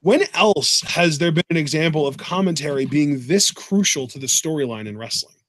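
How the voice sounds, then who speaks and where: A man's voice: a little high, normal speed, no echo. A young man co-hosting a casual podcast, teasing his partner and reading out listener questions. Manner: animated, teasing, laughs a lot. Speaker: co-host.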